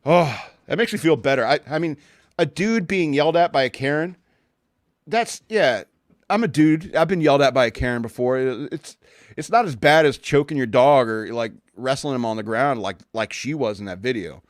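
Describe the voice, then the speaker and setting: Casual male podcast host, blunt and rambling, medium-pitched, dry close-mic sound. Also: expressive, moderate pace, dry recording. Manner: sarcastic, blunt, with profanity; rambling with many restarts. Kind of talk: casual opinion rant.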